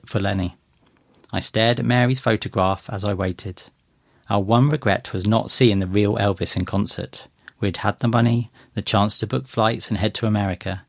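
Man narrating a story, calm and measured, lowish voice, dead dry sound. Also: vocal fry, no room sound. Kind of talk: first-person story reading.

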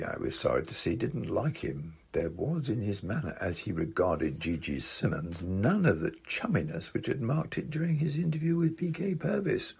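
A man narrates a comic novel in the first person, deep and very gravelly, with a husky, breathy grain. His delivery is dry and wry, with lively rises and falls in pitch. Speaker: reader. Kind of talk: comic literary reading.

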